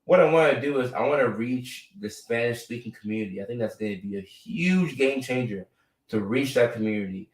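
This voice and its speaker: A man's voice: mid-range voice, lively intonation, fairly quick, far from the mic. A man hosting a live stream in a casual, chatty way, often tagging his points with "right?" and fillers. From United States. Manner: conversational, frequent "right?" and fillers. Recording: echoey room, a bit off-mic.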